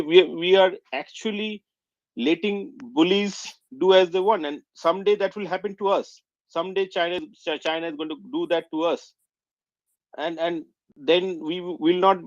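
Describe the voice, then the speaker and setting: A man's voice: a little high, no room sound. A man from India speaks earnestly in a slightly raised voice, stumbling over repeated words as he pushes his point. The sound is muffled and close, with a dry, dull audio-call quality. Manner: earnest, halting with many restarts. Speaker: caller. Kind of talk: emotional call-in remarks.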